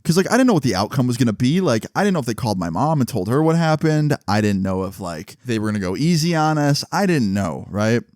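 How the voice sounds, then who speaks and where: A man telling a story in a casual storytime vlog, animated and full of swearing and fillers. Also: medium pitch, fast, few pauses, dry recording, clean studio sound.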